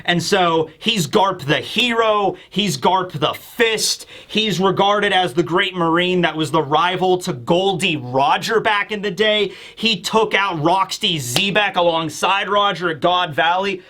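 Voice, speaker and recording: An American host reviews manga casually in a high, bright voice with a sharp edge. He's animated and rambling, laughing quickly and often and filling his talk with "like" and other filler words.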